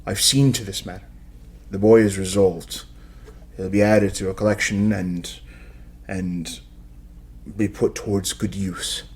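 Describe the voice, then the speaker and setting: A man voicing a smug, diminutive, professor-like vampire seneschal who speaks in a measured, condescending way in a tabletop game. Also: on the low side, steady tone, breathy edge. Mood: cold.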